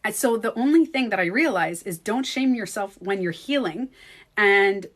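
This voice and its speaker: A woman vlogger telling a personal story in casual chat, animated and swearing freely. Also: mid-range voice, moderate pace. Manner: animated, swears freely, acts out quoted speech. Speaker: beauty coach vlogger.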